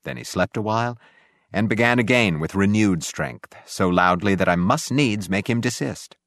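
A man narrating an audiobook in a measured, grave way. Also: lowish voice, gravelly, a bit bright, no room sound, clean studio sound.

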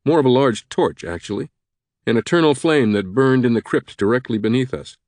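A man's voice: mid-range voice, animated, a little fast, a little mellow, dry recording, close to an everyday voice. A man voicing a learned male professor who explains history patiently. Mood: explaining.

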